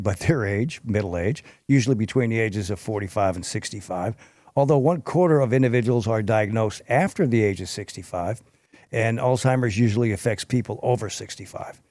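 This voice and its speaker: A man's voice: mid-range voice, warm tone, dry recording, clean studio sound. A man hosting a podcast, reading health information from notes and adding informal asides, sometimes stumbling over hard terms. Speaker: podcast host.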